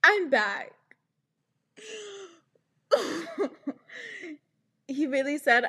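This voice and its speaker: A woman's voice: mid-range voice, lively intonation, takes it slowly, pauses often, fairly bright tone. A young woman hosting a podcast, ranting in a sarcastic, exasperated way and swearing often. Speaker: podcast host. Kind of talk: casual podcast rant.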